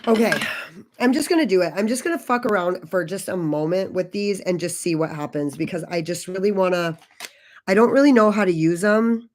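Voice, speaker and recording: With slight background noise behind her, a woman in her forties talks fairly quickly in a lowish, somewhat mellow voice. She hosts a casual makeup livestream, bantering with viewers and swearing often.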